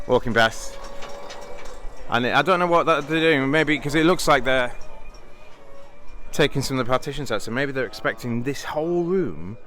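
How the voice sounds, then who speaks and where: British guy vlogging, bright tense voice, rambles on with lots of ums, medium pitch. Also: animated, moderate pace, pauses often, soft background music. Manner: rambling, thinks aloud with many fillers and restarts. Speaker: vlogger, bridge player. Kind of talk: casual vlog chat.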